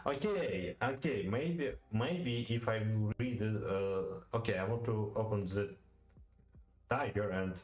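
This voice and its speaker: A low-voiced man whose first language is Russian thinks his way aloud through a lesson on poetic meter. He speaks slowly, with a lot of hesitation, halting restarts and repeated words. The recording has a roomy echo and faint music in the background. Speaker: language learner. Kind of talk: thinking-aloud study session.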